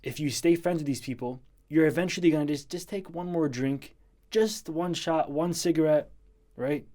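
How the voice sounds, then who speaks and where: A man's voice: a little high, moderate pace, mellow. A man giving blunt, earnest advice to a viewer in a casual vlog, repeating his points for emphasis. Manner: blunt, tells it like it is.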